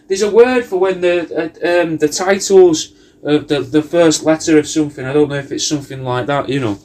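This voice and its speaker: A man hosting a comedy cameo delivers a rambling, sweary monologue, riffing loosely and saying "mate" a lot. His voice is a little high and darkish in tone, and he talks briskly.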